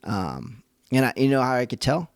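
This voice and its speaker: A man's voice: medium pitch, big pitch swings, moderate pace, clear, resonant tone, no room sound, studio quality. A man hosting a faith-based parenting podcast, talking earnestly in a conversational, thinking-aloud way. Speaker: podcast host and father.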